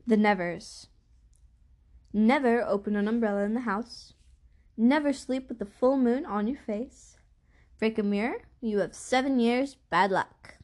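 A woman narrating a first-person novel as an audiobook, with an even, measured reading. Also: a little high.

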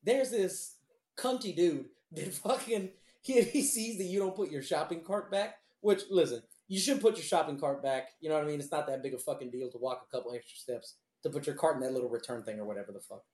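A man's voice: fairly high pitch, brisk. A man in casual, crude podcast chat, telling stories with lots of swearing, laughter and acted-out voices. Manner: profane, animated storytelling with laughs and impressions. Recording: roomy echo.

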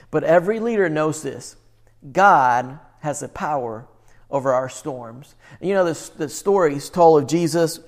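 A man preaching a sermon, moving between animated, incredulous outbursts and hushed, earnest delivery. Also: on the high side, moderate pace. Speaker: pastor.

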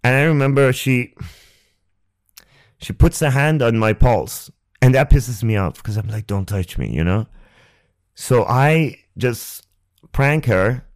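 A young man hosting a podcast, telling a personal story on a close microphone in a halting, rambling way, with restarts and swearing. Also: mid-range voice. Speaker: podcast host. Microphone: close ASMR microphone.

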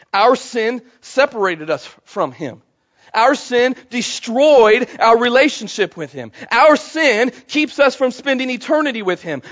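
A man's voice: high voice, a bit bright, highs cut off. A man preaching a sermon to a congregation, talking conversationally and calling for responses from the room. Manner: conversational, calls for audience response. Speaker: pastor. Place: church service before a congregation.

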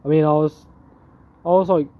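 A man's voice: a little high, steady tone, moderate pace. A young man chatting casually, laid-back and slangy, with a teasing edge. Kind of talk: casual chat. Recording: tinny phone-like sound.

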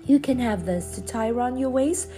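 A woman voicing a naughty, mischievous girl doll in a storybook reading, with shrill, pleading calls. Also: expressive, normal speed, music in the background, lightly acted. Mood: eager.

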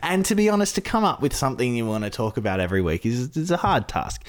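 A woman's voice: very deep voice, very animated, fast talker. A woman co-hosting a podcast, chatting casually, laughing often and trailing off into restarts. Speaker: podcast co-host. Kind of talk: casual chat.

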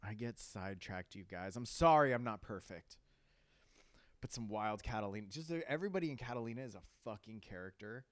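Low-voiced laid-back guy. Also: lively intonation, fairly quick, no room sound. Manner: rambling, swears a lot, says "like" often. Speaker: podcast host. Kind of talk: casual storytelling monologue.

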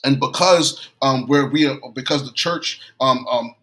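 A man's voice: mid-range voice, measured pace, sharp tone, poor audio. A man from New York preaching a sermon, telling a story and often repeating and restarting his phrases.

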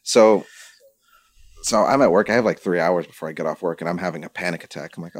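Low-voiced man telling a rambling story. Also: quick pace, no echo. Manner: rambling storyteller, swears freely. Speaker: podcast host. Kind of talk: casual chat.

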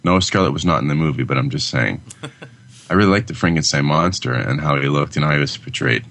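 Very deep-voiced man, crude and joking. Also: brisk, vocal fry, fairly bright tone, no room sound. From Canada. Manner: crude, joking, laughs often. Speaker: podcast co-host. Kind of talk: casual crude chat, reading listener email.

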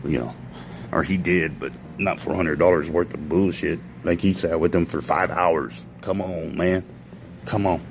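A man's voice: deep voice, measured pace, gravelly, slight background noise, rough recording. A man ranting in a profane, rambling monologue to his followers, often stopping to correct himself. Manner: profane, ranting, self-interrupting. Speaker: vlogger.

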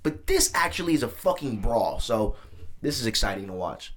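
A man hosting a podcast in casual chat, animated and profane as he talks over a fight on screen. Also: mid-range voice, normal speed. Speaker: podcast host.

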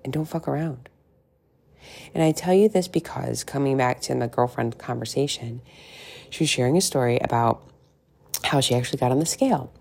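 A woman's voice: extremely low pitch, normal speed, creaky, pauses often, a little mellow, slightly rough. A middle-aged woman coaching on weight loss in a frank, chatty monologue, swearing freely and tossing in asides. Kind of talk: casual podcast monologue.

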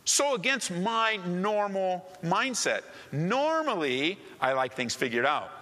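A man's voice: high-pitched, lively intonation, a little slow, pushed and bright, long reverb tail. A man preaching a sermon with earnest, emphatic repetition. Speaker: pastor.

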